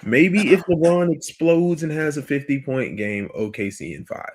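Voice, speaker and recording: A man's voice: fairly high pitch, expressive, normal speed. A man hosting a podcast, talking bluntly in casual opinion chat and swearing freely. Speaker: podcast host.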